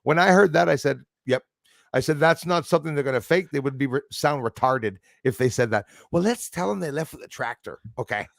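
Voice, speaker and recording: Excitable man with a gravelly voice. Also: a little high, fairly quick, no echo, clean studio sound. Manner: excitable, animated storytelling. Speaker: podcast host. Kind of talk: casual chat.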